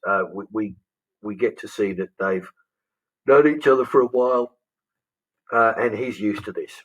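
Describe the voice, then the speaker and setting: A man's voice: lowish voice, a bit bright, breathy edge, rough recording. A man, casually talking through a script example as a teacher. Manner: casual, thinking aloud with restarts. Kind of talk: explaining a script.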